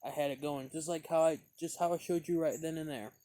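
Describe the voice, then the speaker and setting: A man's voice: fairly high pitch, fairly even intonation, fairly quick, dark tone. A man reviewing pipe tobacco in a casual, meandering way, with lots of fillers and restarts as he tells a story.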